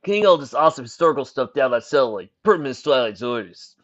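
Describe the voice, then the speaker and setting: A man's voice: mid-range voice, animated, fast talker, close to an everyday voice. A cocky, laid-back young male pony, played by a man in a storybook reading. His talk bounces up and down with ease. The recording is dull and lo-fi. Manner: cocky and casual.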